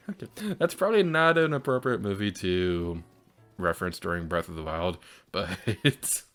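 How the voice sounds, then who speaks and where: A man hosting a video game let's play in a lively, chatty voice that swings widely in pitch and sits on the low side. He laughs often as he talks, with faint game music playing behind him. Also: measured pace. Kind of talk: casual gameplay commentary.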